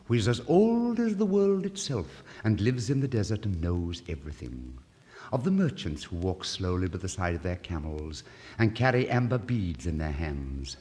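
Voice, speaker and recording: A man narrating a fairy tale in an expressive, theatrical storytelling manner. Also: sits low, moderate pace. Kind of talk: storybook reading. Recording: reverberant old vinyl studio recording.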